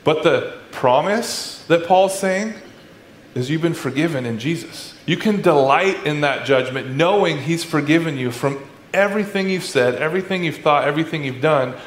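A man preaching a sermon as a pastor, in a conversational, animated way with sarcastic asides. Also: fairly high pitch, moderate pace, a little hiss or hum. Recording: echoey room with faint ambience.

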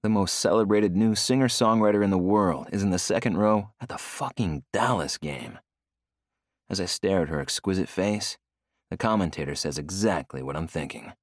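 A young man narrating a first-person novel, wry and expressive, on a close studio mic. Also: low voice, moderate pace, dry recording. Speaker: audiobook narrator.

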